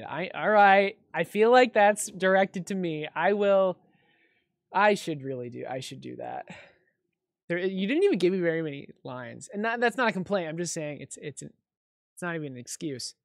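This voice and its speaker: A woman's voice: fairly low pitch, expressive, normal speed, dry recording, studio quality. A woman streamer chatting and reading game text aloud as she plays, with frequent laughs. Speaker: streamer playing a fan-made game. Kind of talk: live game commentary.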